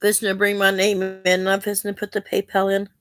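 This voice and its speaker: Addressing her viewers to camera, a woman speaks a bit quickly in a medium-pitched, completely flat voice, with faint music in the background. Her talk is personal and emotional, an earnest, rambling, heartfelt request for help.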